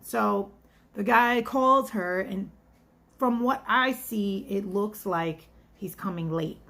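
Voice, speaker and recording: A woman's voice: mid-range voice, slow pace, fairly bright tone. A woman in her thirties or forties telling a story in a casual vlog, chatty and rambling, full of asides. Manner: chatty, rambling asides, acts out quoted voices. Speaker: vlogger and restaurant server.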